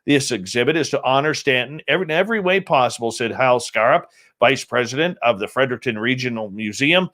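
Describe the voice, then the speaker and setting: A man's voice: mid-range voice, animated, fast, hardly any pauses, fairly bright tone. A man hosting a radio show, casually reading news items aloud with small slips and self-corrections.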